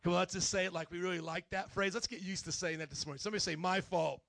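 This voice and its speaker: A man preaching a sermon, telling stories with animated swings into loud delivery and calling on the congregation to repeat phrases. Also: high-pitched, racing, creaky, dry recording. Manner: call-and-response with the congregation. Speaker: pastor.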